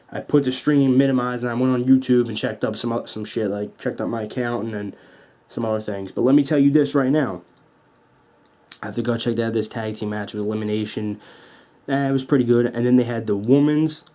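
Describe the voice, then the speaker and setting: A man's voice: medium pitch, moderate pace. A young man reviewing a wrestling show at home into his camera, swearing freely and acting out the moves with sound effects. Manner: excited, profane, acts out moves with sound effects. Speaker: wrestling vlogger. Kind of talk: casual review rant. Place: at home at a table.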